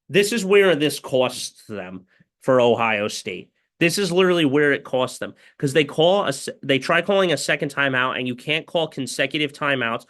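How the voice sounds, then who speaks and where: Speaking in a mid-range, slightly bright voice, a man recaps a football game play by play as a fan. His casual commentary rambles and is packed with fillers.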